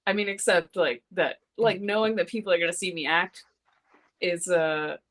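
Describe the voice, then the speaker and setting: A woman's voice: lowish voice, normal speed, a bit bright. A woman co-hosting a casual podcast, laid-back and giggly. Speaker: podcast co-host.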